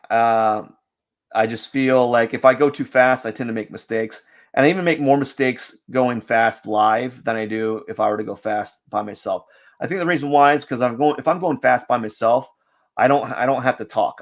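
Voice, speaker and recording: A young man chatting casually on a drawing live stream, rambling with lots of fillers and restarts. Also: mid-range voice. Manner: rambling, self-deprecating, many fillers and restarts.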